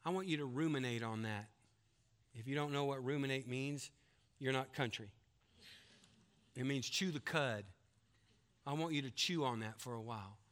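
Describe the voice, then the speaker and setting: Speaking at a moderate pace with frequent pauses, a man gives an emphatic sermon. He spins out a long joke, voicing its characters through sharp pitch jumps, and sometimes lowers himself to a soft hush.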